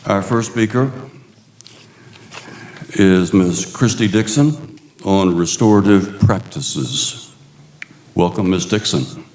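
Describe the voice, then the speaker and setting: Man, very deep voice, formal board chair, echoey meeting room. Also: darkish tone, slight background noise. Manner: formal, measured. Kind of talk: reading meeting procedures.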